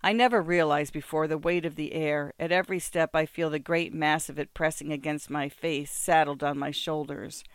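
Smooth clear storyteller reading a first-person novel, steady and measured, dry close sound. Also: medium pitch, no room sound. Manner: measured, descriptive, smooth delivery. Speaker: narrator.

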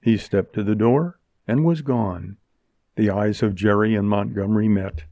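A man narrating an audiobook in a steady storytelling way. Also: lowish voice, moderate pace, creaky, dry recording. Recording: dull lo-fi recording.

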